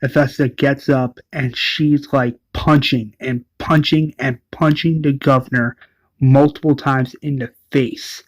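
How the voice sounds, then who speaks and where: Slow, rambling man recapping an episode. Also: medium pitch, fairly even intonation, poor audio. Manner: rambling, uses "like" and self-corrections. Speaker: show recap narrator. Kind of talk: casual retelling of an episode.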